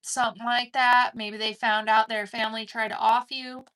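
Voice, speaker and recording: A woman's voice: fairly high pitch, little pitch movement, normal speed, fairly bright tone. A woman giving an intense collective tarot reading, swearing casually and calling the listener "dude". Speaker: tarot card reader.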